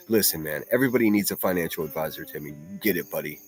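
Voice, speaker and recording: A man's voice: sits low, very fast, few pauses. A man hosting a livestream, chatting casually and mocking clips with frequent laughter and swearing. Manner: profane, laughing, rambling mockery. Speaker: livestream host reacting to clips.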